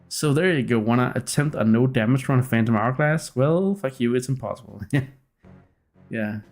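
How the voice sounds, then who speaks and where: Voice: medium pitch, normal speed, darkish tone, soft background music. A streamer chatting casually while playing a game, laid-back and giggly, rambling through thoughts. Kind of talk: casual let's-play commentary.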